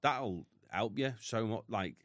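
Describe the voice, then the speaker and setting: A man's voice: fairly low pitch, slow, fairly bright tone, no echo, clean studio sound. A British man in his thirties, a podcast guest, telling his story bluntly and with heavy swearing. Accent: British English. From United Kingdom. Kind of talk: candid storytelling.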